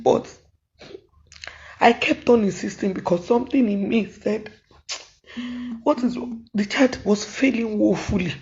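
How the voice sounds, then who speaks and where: A Nigerian woman speaks in a tearful, pleading statement, moving between Yoruba and English. Her voice is warm and mellow, at a middling pitch. The recording sounds dull and lo-fi. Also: measured pace, pauses often, slight background noise. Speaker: comedian. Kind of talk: emotional video statement. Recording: dull lo-fi audio.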